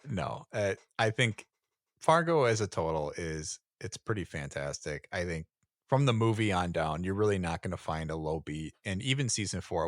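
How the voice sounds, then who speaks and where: A man's voice: sits low, no room sound, clean studio sound. A man co-hosting a podcast in casual chat, laid-back and rambling, often chuckling. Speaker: podcast co-host.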